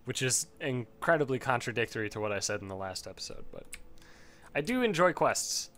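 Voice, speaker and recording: A man's voice: medium pitch, very animated, fairly quick, fairly bright tone. A man giving casual, rambling gameplay commentary while leveling a character, swearing freely and laughing often.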